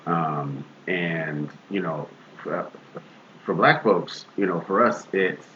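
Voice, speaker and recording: A man with a fairly low voice talks earnestly on a casual podcast, stopping and restarting often. The audio is dull and lo-fi, with a faint hiss underneath. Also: bright, forceful tone. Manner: earnest, halting, many restarts, acts out quoted voices. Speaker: podcast co-host.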